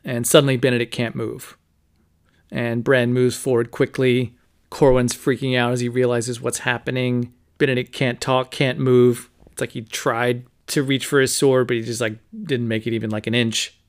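Man, podcast host, casual book recap, steady flat delivery, filler words. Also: mid-range voice, moderate pace. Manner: conversational, many fillers like "you know" and "like". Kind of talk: casual book recap with read-aloud quotes.

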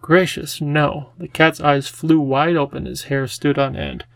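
A man reading a children's storybook aloud in a gentle, even storytelling manner. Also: medium pitch, normal speed, creaky, dry recording. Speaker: audiobook narrator. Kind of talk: scripted storybook narration.

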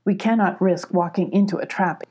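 A woman's voice: on the low side, moderate pace, mellow, slightly rough. A woman voicing a huge, wary male dog in a storybook reading, speaking bluntly and demandingly. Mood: serious.

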